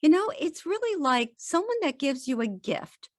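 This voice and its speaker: Her voice sits high and her pace is ordinary as this woman, a podcast guest, encourages earnestly and brings quotes to life in relaxed interview conversation. It's a dry recording with studio-grade clarity.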